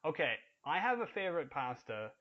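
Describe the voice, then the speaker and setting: A man's voice: fairly high pitch, big pitch swings, a little fast, lo-fi sound. A man co-hosting a casual podcast, speaking in a jokey, wry way. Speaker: podcast co-host.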